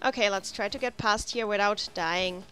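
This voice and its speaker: A woman's voice: mid-range voice, normal speed, bright, forceful tone, smooth. A woman casually chatting and rambling while she plays a video game, full of restarts and side remarks. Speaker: let's play host. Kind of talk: casual gameplay commentary. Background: faint game music.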